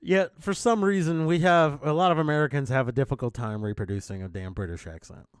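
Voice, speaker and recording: A man's voice: a little high, brisk, clear, resonant tone, no echo, clean studio sound. A man hosting a casual chat with friends, blunt and teasing, swearing freely. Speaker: podcast host.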